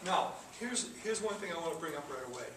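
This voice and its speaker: A man's voice: on the high side, lively intonation, fast talker. A man teaching a programming class, explaining step by step with many fillers and restarts. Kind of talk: classroom lecture. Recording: echoey room from far off, noisy.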